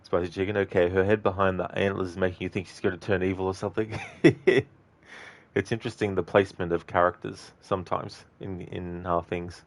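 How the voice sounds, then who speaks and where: A man's voice: low-pitched, level tone, a little fast, no room sound. A man giving casual, rambling commentary over gameplay, full of fillers. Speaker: game streamer.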